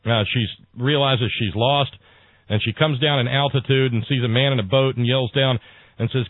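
Talk radio host, man, mid-pitched, meandering, lots of uhs, dry and tinny sound. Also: fairly even intonation, moderate pace, no room sound. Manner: rambling, full of hesitations and repeated words. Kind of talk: political talk radio chat. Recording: dry, tinny phone-like broadcast audio.

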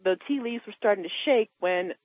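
A woman calling in to a talk radio show, ranting about politics with passion, her voice climbing high when she is upset. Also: fairly quick, no echo. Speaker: caller. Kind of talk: heated political phone-in rant. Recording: tinny phone line.

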